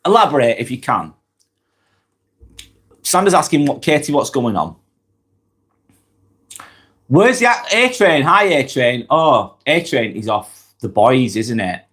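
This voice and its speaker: A man from northwest England with a Lancashire accent, hosting a live-stream vlog while nursing a cold. His pitch rises and dips a lot as he reads out viewer comments and answers them in a chatty, direct way. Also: sing-song, measured pace, pauses often, a bit bright. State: has a cold.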